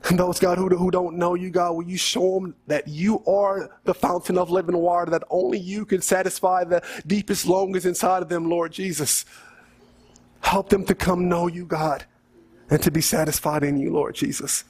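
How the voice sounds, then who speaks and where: Guy preaching a sermon, high voice, earnest and pleading, keeps saying saints. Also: level tone, normal speed, darkish tone. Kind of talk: sermon with closing prayer.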